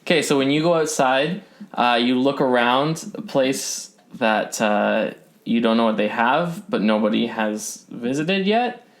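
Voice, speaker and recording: A man narrating a tabletop game as game master, halting and thinking aloud as he goes. His voice sits in an ordinary middle pitch. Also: animated. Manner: hesitant, many ums and restarts.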